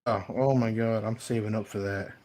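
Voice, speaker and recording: A man's voice: on the low side, fairly even intonation, moderate pace, darkish tone. Enthusiastic joking man in casual chat. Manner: enthusiastic, jokey, exaggerated threats for laughs.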